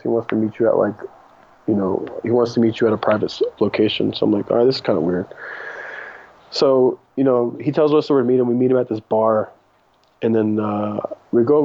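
A man's voice: medium pitch, warm tone, muffled recording. A man telling a long, profane, rambling story as a podcast guest, with frequent laughter. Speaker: podcast guest, cannabis breeder. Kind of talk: casual storytelling interview.

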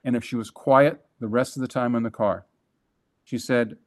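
A man, a guest and former franchise executive, telling a business story in conversation, emphatic and animated with quick restarts. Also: mid-range voice.

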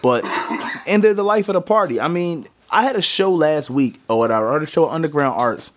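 A man's voice: fairly high pitch, lively intonation, a little fast, slight background noise. A man hosting a podcast in a small studio, talking in a loose, rambling, joking way. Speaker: podcast host. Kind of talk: casual chat.

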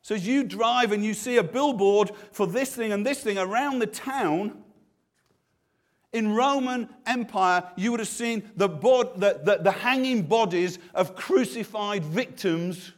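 A man's voice: sits high, a little slow. A man preaching a sermon, earnest and full of restarts and repeated words.

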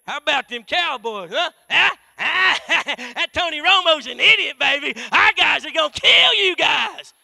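A man voicing a boastful male football fan who shouts taunts. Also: very high voice, big pitch swings, measured pace, creaky, hardly any pauses, no room sound, studio quality, pitched above the performer's own voice, full character voice. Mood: gloating. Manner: loud, taunting.

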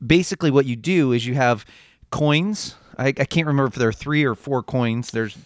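This man co-hosts a casual podcast, chatting in a relaxed, easygoing manner. His voice sits in the mid-range and he talks fairly quickly. The recording is dry with clean studio sound.

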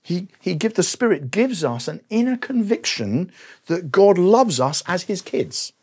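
A man's voice: sits high, sing-song, a little slow, darkish tone, husky. A man in his forties preaching a conversational sermon, telling personal stories with self-deprecating asides.

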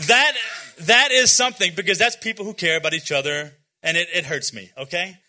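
A man's voice: a little high, lively intonation, a little fast, bright, forceful tone. A man in his forties giving an informal, earnest sermon to young people, with many fillers and restarts and some self-deprecating humor. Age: 40s. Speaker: youth speaker.

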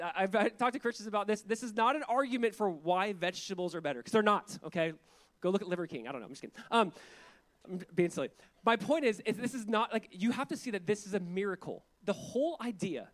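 A man preaching a sermon to his church in a casual, joking style, full of asides and quick laughs. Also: high-pitched. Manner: conversational, jokey preaching with frequent asides and laughs. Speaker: pastor.

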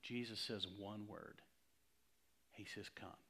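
A male pastor preaching a sermon in a conversational, emphatic way, swinging from loud to hushed. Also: medium pitch, normal speed.

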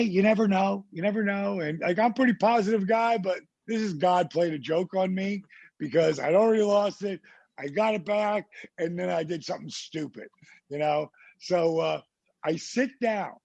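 A man from New Jersey hosting a weekly motivational segment, telling a rambling, animated anecdote in casual talk. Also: high-pitched, gravelly, no echo. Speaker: host. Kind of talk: casual storytelling.

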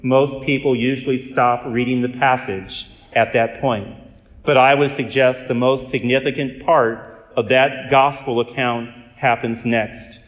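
Earnest priest telling stories in an echoey hall. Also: male voice, medium pitch, flat delivery. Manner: earnest, measured storyteller with dry humor. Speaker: Catholic priest and exorcist. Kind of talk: storytelling talk.

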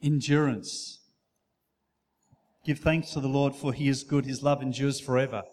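A man preaching a sermon in a church, earnest and measured, with occasional fillers. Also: mid-range voice, steady tone, a little mellow. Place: church hall.

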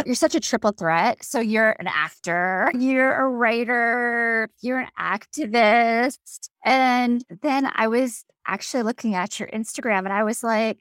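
A woman's voice: fairly high pitch, takes it slowly, fairly bright tone, clear, resonant tone, dry recording. A woman podcast host asking admiring questions with frequent laughter. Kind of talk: interview chat.

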